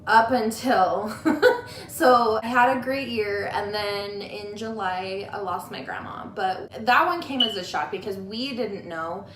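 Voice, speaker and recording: A woman's voice: medium pitch, slow, a bit bright. Candid woman in an echoey room. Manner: candid, rambling, heavy use of "like". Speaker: guest friend. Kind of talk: casual chat about grief. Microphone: tablet camera.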